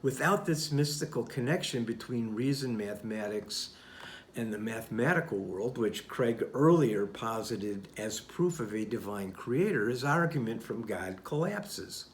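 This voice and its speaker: A man hosting the channel, reading a scripted rebuttal in a deliberate, didactic way. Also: medium pitch, expressive, slight background noise. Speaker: channel host.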